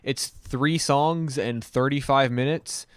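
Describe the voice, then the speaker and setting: A man's voice: medium pitch, slow pace, clear, resonant tone, no room sound, clean studio sound. A man hosting a live music stream, chatting casually in an easygoing, rambling way with many fillers. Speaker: livestream host and musician.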